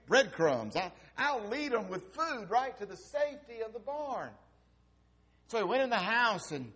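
Slow, lively-pitched preacher man. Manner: dramatic storytelling, swinging from loud to hushed. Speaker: pastor. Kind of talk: sermon.

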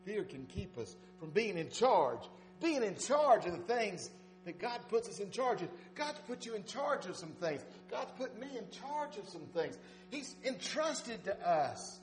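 A pastor preaches in a folksy, storytelling way. His fairly high voice swings from soft asides to loud urging. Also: big pitch swings, unhurried, soft background music. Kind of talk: sermon.

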